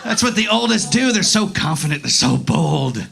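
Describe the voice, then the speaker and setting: Animated, gravelly-voiced stand-up comedian. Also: male voice, a little high, normal speed. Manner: profane, animated, laughing through lines. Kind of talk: stand-up comedy set with crowd work. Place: live comedy club.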